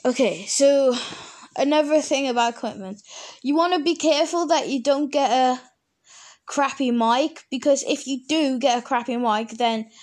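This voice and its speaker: Rambling woman podcaster, fairly high. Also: moderate pace, a little mellow. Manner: rambling, self-correcting, chatty. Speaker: podcast host. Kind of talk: casual solo podcast chat.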